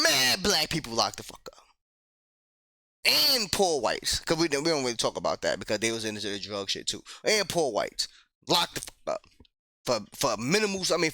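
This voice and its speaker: A man's voice: fairly high pitch, pushed and bright, dry recording, clean studio sound. A man hosting a reaction video, talking casually and profanely and laughing often.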